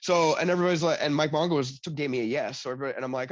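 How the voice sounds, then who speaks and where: A man's voice: on the high side, rapid-fire, few pauses. A man with a slightly raised voice tells stories in casual chat and acts out every quoted line. He leans on "like" fillers constantly. The audio is a little dull and lo-fi, with a dry sound and no room echo. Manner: animated storyteller, acts out quoted dialogue; heavy use of "like" fillers. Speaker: guest, blockchain developer.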